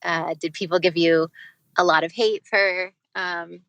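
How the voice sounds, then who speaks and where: Bright-voiced woman fan caller. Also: on the low side, fairly even intonation, unhurried, no room sound, dull audio. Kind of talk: recorded fan question.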